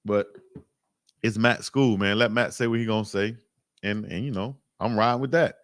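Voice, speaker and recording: Animated male sports livestream host. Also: fairly low pitch, normal speed, no echo, studio quality. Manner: animated, emphatic, repeats phrases, slangy. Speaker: live-stream sports show host. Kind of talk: casual livestream commentary.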